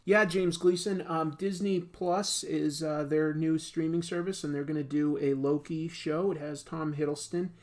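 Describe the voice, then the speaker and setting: A man's voice: on the high side, fairly even intonation, moderate pace, hardly any pauses. A man hosting a casual art livestream, chatting in a rambling, joking way while he draws. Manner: rambling, joking, lots of fillers. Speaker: comics artist and livestream host.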